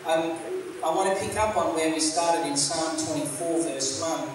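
A man's voice: a little high, steady tone, moderate pace, crowd noise. Guy pastor rambling thru a sermon, lots of ums, sounds far off in a big echoey hall. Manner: rambling, conversational, many fillers and restarts. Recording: echoey room, mic at a distance, faint hiss.

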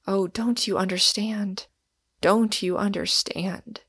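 A woman's voice: mid-range voice, steady tone, slow pace, a bit bright, slightly rough, no echo, studio quality, heavily acted. A woman reading the part of a massive, earnest young man in an audiobook, speaking with urgent, pleading passion.

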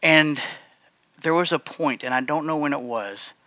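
A man giving a heartfelt personal testimony to a congregation, speaking earnestly and haltingly, often restarting his sentences. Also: fairly high pitch, bright, forceful tone, dry recording. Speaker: church speaker sharing a testimony.

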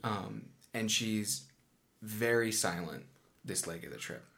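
A man hosting a tabletop podcast and narrating the game in a relaxed, casual way. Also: on the low side, slow, vocal fry. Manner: relaxed, many ums and uhs. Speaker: podcast host and game master.

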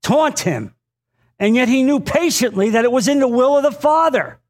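This male pastor's voice is noticeably high for a man, with a darkish tone. Delivering a sermon, he speaks earnestly and directly to the congregation, repeats phrases for weight, pauses on small fillers and asks for an amen.

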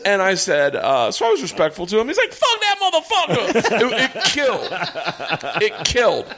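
A middle-aged man tells a rowdy story in casual chat. He swears freely, laughs along with himself, and acts out other people's voices. His voice sits a little high and swoops all over. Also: huge pitch swings, normal speed, gravelly, a crowd in the background. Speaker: stand-up comedian, podcast guest.

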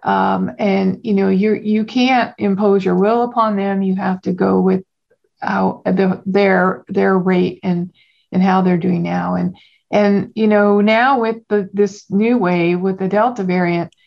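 A woman guest speaks slowly with a gravelly edge, halting and restarting often. The audio is dull and lo-fi. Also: mid-range voice, steady tone. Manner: halting, many restarts and fillers. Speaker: epidemiologist guest. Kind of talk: podcast interview answers.

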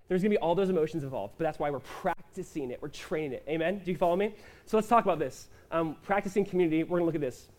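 A man's voice: fairly high pitch, darkish tone. A male pastor delivering a sermon in a conversational way, acting out quotes and asking the congregation questions. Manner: conversational preaching with quick asides and acted-out quotes.

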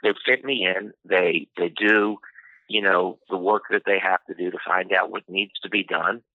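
A man telling a personal story in an interview, unhurried and full of "you know" fillers. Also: deep voice, fairly even intonation, no room sound. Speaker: interview guest. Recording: tinny phone-line audio, dry.

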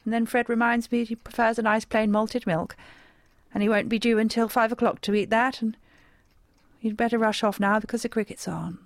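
A woman telling a comic monologue, wry and deadpan with sarcastic asides. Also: on the high side, brisk. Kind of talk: scripted comic monologue with character voices.

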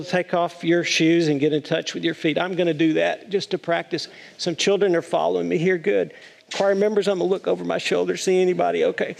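Playful pastor with a raised voice in a church hall. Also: male voice, fairly high pitch, vocal fry. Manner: chatty, playful storyteller with a congregation. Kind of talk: sermon. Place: church sanctuary.

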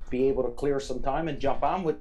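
A man's voice: mid-range voice, fast, mellow. Chatty man from Newfoundland. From Newfoundland, Canada. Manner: chatty, rambling with fillers. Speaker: podcast co-host. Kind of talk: casual chat. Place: remote call from home.

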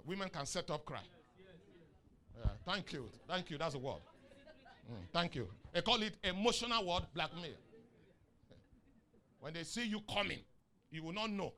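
A Nigerian man preaching a sermon, asking the congregation questions and rising into shouts on key lines. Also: high voice. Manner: asks the crowd questions and waits for answers. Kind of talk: sermon with call and response.

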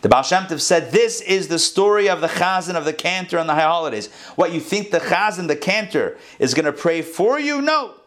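A man telling a parable to a class in an animated storytelling sermon, acting out the animals' voices. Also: high voice, brisk, few pauses. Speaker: rabbi teaching a class.

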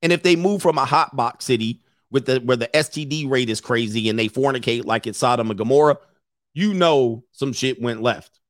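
A brash man talks straight at his viewers, handing out dating advice with plenty of swearing and jokes. His voice sits at an ordinary middle pitch. The recording is dry and close, with no room sound. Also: moderate pace, no echo. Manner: brash, profane, joking delivery with mocking quoted voices. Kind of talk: casual monologue to viewers.

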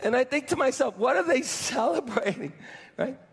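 A man's voice: very high-pitched, animated, moderate pace, creaky, husky. A man preaching a sermon as pastor, repeating phrases and calling on the congregation to answer back. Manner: preachy call-and-response, repeating phrases for emphasis. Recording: church hall reverb.

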